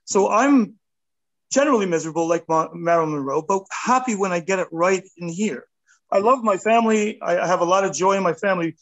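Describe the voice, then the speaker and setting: A man in his fifties, an artist talking casually in an interview, animated and rambling, with a self-deprecating touch. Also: high-pitched, brisk, rough recording. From United States. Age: 50s. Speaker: artist guest.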